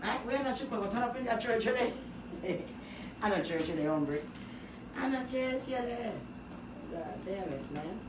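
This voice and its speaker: Loud joking woman, echoey room. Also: fairly high pitch, expressive, moderate pace, long pauses. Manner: loud, joking, swears a lot, trails off into mutters. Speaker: vlogger. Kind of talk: casual rambling monologue. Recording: echoey room, noisy background.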